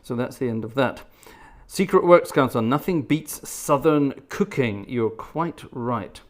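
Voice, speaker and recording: A man's voice: medium pitch, animated, measured pace. A middle-aged British man hosting a live stream, reading viewer comments aloud and answering them with dry, chatty humour. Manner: chatty and wry, reads comments aloud then jokes back. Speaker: livestream host and organist.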